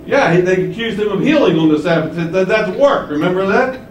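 A man's voice: lively intonation, fairly quick. A man preaching a sermon with emphasis, asking his listeners questions and repeating key lines. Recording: echoey room, mic at a distance, faint rumble.

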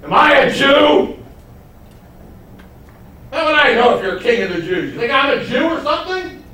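A man's voice: very high-pitched, very animated, moderate pace, bright, forceful tone, slight background noise, pitched above the performer's own voice, full character voice. A man playing a sarcastic, scornful Roman governor who fires off mocking, incredulous questions. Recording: echoey room heard from a distance.

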